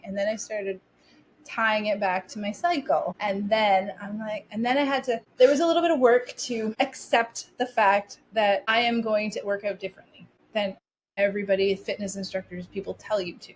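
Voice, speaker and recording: A woman in her forties, a podcast guest telling stories in a chatty, animated way with lots of restarts. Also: medium pitch, normal speed, slight background noise. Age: 40s. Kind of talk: casual interview storytelling.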